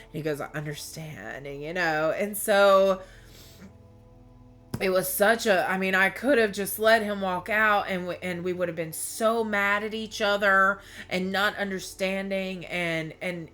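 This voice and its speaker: A woman's voice: medium pitch, a bit bright. Rambling, emotional woman tarot reader. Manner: rambling, emotional, with frequent restarts. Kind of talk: candid personal storytelling to viewers.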